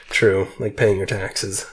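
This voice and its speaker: A man's voice: fairly low pitch, flat delivery, background noise. Stuffy nasal guy hosting a chill podcast, rambly, lots of "like" and little laughs. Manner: chatty, rambling with "like" and quick laughs. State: congested, nasal. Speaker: podcast host. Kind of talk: casual podcast chat.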